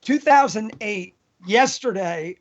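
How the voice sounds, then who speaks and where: A man co-hosting a podcast, joking casually and telling quick stories. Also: high-pitched, expressive, muffled recording. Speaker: podcast co-host. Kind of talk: casual chat.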